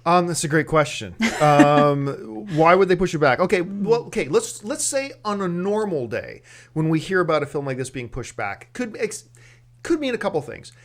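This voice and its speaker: A man co-hosting a movie news chat, his voice sitting a little high for a man. He talks in a loose, animated way, thinking aloud with fillers and restarts as he weighs the possibilities. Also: moderate pace. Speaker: movie news editor, co-host. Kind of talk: casual news discussion.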